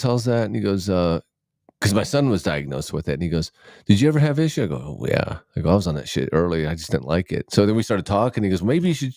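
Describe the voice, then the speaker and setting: A man's voice: on the low side, darkish tone, dry recording, studio quality. A middle-aged man co-hosting a podcast, chatting casually and rambling, cutting himself off and swearing freely. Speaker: podcast co-host. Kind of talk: casual chat.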